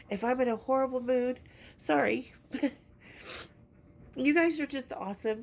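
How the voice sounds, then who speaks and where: A woman's voice: medium pitch, a little mellow. A woman hosting her podcast in a casual, affectionate chat while sick and congested, swearing freely. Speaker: podcast host.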